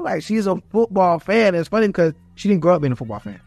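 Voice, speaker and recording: Young guy, ex football player, chatty and excited, dry close mic. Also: high voice, quick pace, few pauses, dry recording. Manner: animated, acts out quotes of family and fans. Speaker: former football player, guest. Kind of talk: storytelling interview.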